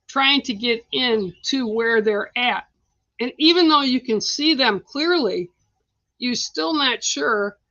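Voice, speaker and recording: A middle-aged woman gives psychic readings on a livestream, talking bluntly and chattily with frequent laughs. Her voice sits a little high. The sound is dry and slightly dull, like lo-fi stream audio. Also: a bit bright, dry recording. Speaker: psychic card reader, show host.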